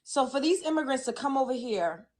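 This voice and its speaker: A woman's voice: high-pitched, expressive, a little fast, darkish tone. Indignant, emphatic woman commentator. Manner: emphatic, indignant, speaks with rising emotion. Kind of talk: impassioned commentary clip.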